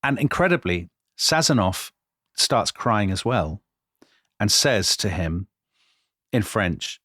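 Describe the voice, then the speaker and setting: A man co-hosting a podcast, telling history in a lively conversational way and acting out quoted lines. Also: on the low side, slow, pauses often, no echo, clean studio sound. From Britain. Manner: animated, dramatizing quotes with voice changes. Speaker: podcast co-host.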